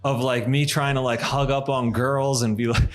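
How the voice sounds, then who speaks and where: A man in his thirties, a podcast guest in a coffee shop, telling funny stories in a quick, laughing way. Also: mid-range voice. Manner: animated, laughing, fast anecdotes. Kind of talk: casual storytelling chat.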